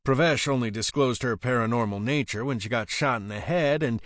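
A man's voice: mid-range voice, a little fast, fairly bright tone, no room sound, studio quality. A man reading an audiobook aloud, narrating with a wry, sardonic manner. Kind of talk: scripted narration.

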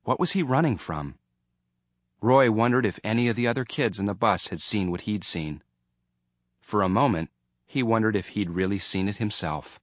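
Low-voiced man reading an audiobook. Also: normal speed, dry recording. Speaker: audiobook narrator. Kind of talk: scripted narration.

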